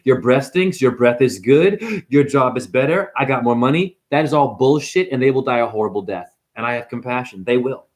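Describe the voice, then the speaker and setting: A man ranting to camera in an improvised, preachy monologue, swearing freely, firing off rhetorical questions and slowing down hard to hammer points home. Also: medium pitch. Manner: profane, emphatic, rhetorical questions; slows down hard for emphasis. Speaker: spiritual vlogger and store owner.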